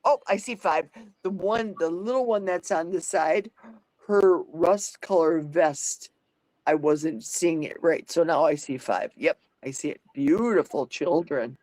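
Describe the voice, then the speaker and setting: Older woman, livestream host, talkative, thinks out loud, dry sound. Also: low voice, unhurried, no room sound, poor audio. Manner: chatty, thinks aloud, reads out comments. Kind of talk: casual live chat.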